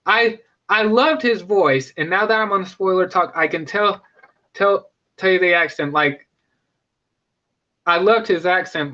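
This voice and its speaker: A young man chatting casually through a review, stumbling into restarts and filler words as he goes. His voice is high and bright. The recording is dull and lo-fi. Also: measured pace. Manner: rambling, with many restarts and fillers. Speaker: movie reviewer.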